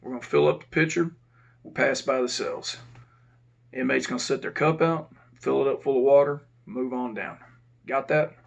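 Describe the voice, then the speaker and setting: A gruff male prison officer issues curt, hurried commands in a gravelly voice , as a man acts him out in a story. His orders come short and clipped, with no patience for questions. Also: mid-range voice, muffled recording, close to an everyday voice. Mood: instructing.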